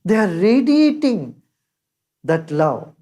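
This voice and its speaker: Older woman, spiritual teacher, measured discourse, slow delivery, warm dark tone. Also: mid-range voice, very animated, muffled recording. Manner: measured, recites scripture verses.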